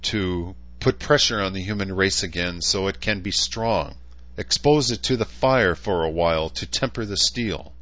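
A man's voice: low voice, normal speed, fairly bright tone, highs cut off. A man voicing a stern councilwoman who speaks firmly and resolutely. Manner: firm and resolute. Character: stern councilwoman backing harsh policy.

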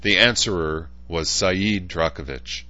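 A man doing steady scripted narration of a story. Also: sits low, a little slow. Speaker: audiobook narrator. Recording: dry, dull lo-fi sound.

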